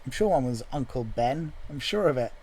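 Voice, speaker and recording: A man's voice: mid-range voice, animated, fairly quick, dark tone, slightly rough, rough recording. A man chatting casually to himself while composing a musical, joking as he thinks aloud at his computer. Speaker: musical writer.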